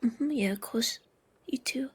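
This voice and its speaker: A woman speaking in a husky, gravelly whisper during a whispered role-play, drowsy and low-key. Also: a little slow.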